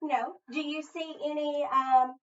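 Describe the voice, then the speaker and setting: A woman's voice: high voice, steady tone. A woman teaching a phonics lesson, patiently asking questions and answering them herself. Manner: slow, patient, asks and answers her own questions. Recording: distant, echoey, dull room sound.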